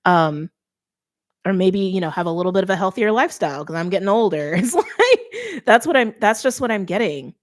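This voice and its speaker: A woman's voice: mid-range voice, sing-song, fairly quick. A middle-aged woman giving a casual tarot reading, chatty and thinking aloud with many fillers. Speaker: tarot reader.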